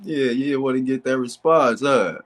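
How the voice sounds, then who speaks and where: A man's voice: lowish voice, lively intonation, unhurried, slightly rough. Mocking man reading sources aloud. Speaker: debate streamer. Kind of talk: casual debate stream.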